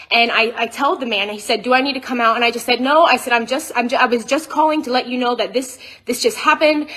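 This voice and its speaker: A woman telling her own account to viewers on a phone video, rushed and shaken, full of fillers and restarts. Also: a little high, pushed and bright. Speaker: mother telling her side in a social media video.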